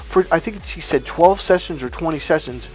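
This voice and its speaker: A man's voice: on the high side, brisk, faint music behind. A man working as a dating coach, talking through ideas and a client story in an emphatic, swearing manner.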